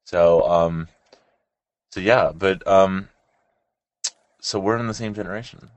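A young man with a very low voice, chatting loosely as co-host on a show with callers. He rambles, restarts and swears offhandedly. The sound is close and dry. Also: slow pace, no echo, highs cut off. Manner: rambling, swears casually, animated laughs. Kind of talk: casual chat.

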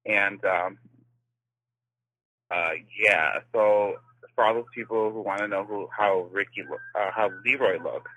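Man, caller, gushing, rambling, husky, very bright tone. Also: on the low side, a little slow, no echo, rough recording. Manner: gushing, rambling with many fillers. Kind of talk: excited phoned-in message.

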